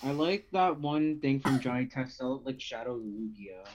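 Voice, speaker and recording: A man's voice: medium pitch, moderate pace, darkish tone, dull audio. A man chatting on a casual podcast, defending himself with mild exasperation. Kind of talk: casual chat.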